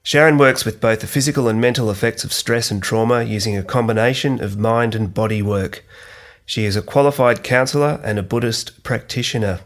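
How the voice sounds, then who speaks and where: A man reading a scripted introduction for a podcast in a formal, even way. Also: medium pitch, a little fast. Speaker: podcast announcer.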